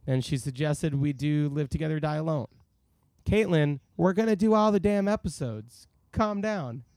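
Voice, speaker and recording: A man's voice: on the high side, normal speed, a little mellow, no echo. A man co-hosting a casual podcast, reading listener emails aloud and joking around. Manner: reads listener emails aloud, jokey, slips into silly voices. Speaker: podcast co-host.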